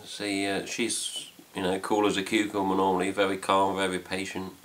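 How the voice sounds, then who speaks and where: A man's voice: deep voice, monotone, normal speed, a bit bright, slight background noise. A middle-aged man with an English accent, rambling casually to camera at home as host of a fan news video, swearing lightly as he goes. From England. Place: home room with cats.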